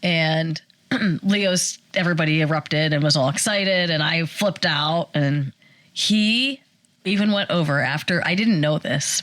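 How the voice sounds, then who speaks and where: A woman in her forties, a podcast co-host telling a personal story in casual chat, animated and acting out the quotes. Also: sits low, dry recording. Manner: animated storyteller, acts out quotes, fast bursts.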